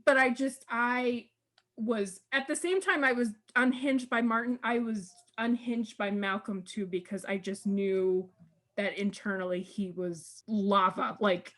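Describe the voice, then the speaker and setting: A woman's voice: mid-range voice, fairly even intonation, a bit bright. A woman co-hosting a fan podcast, talking emphatically and at length about an emotional TV scene, with bursts of laughter. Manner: emphatic, rushes through long lists, laughs. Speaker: podcast co-host. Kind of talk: casual fan discussion.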